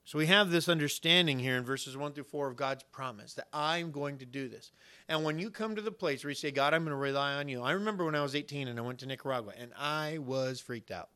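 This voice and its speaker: A man preaching a sermon, earnest and building to loud emphasis as he acts out the replies of God and friends. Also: on the high side, clear, resonant tone. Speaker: pastor.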